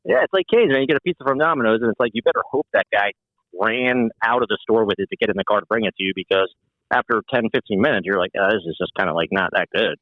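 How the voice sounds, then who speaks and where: A man from New Jersey and New York City, a guest musician telling animated stories in casual chat and swearing freely. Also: fairly low pitch, fast talker, no room sound, narrow, tinny audio. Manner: animated storyteller, acts out quoted voices, swears freely.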